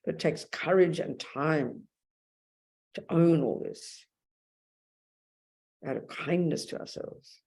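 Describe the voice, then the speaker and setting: A woman's voice: low voice, slow pace, gravelly, long pauses, a little mellow. A woman with an Australian accent giving a blunt, emphatic dharma talk as a Buddhist nun, calling her listeners darling.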